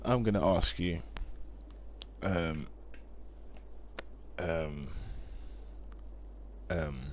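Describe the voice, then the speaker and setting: A man's voice: low voice, extremely slow, a little mellow, a little hiss or hum. A man, chatting casually on a live game stream, rambling and reading out viewer comments.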